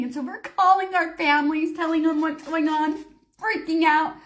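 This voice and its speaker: A woman in her forties with a high voice tells a personal story in a casual vlog. She talks animatedly and acts out the panicked lines of everyone in it. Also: unhurried, fairly bright tone. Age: 40s. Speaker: storyteller vlogger.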